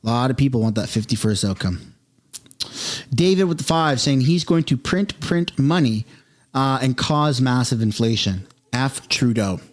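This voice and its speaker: A Canadian man hosts a livestream of casual political commentary, reading out viewer comments and rambling through opinionated asides with a chuckle. He speaks in a mid-range voice at normal speed, sounding animated.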